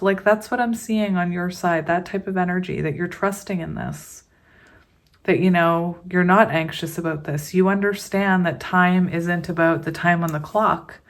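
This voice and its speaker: A woman chatting casually through a tarot card reading for her viewers, slow and unhurried, with frequent giggles. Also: fairly low pitch, steady tone. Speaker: tarot reader.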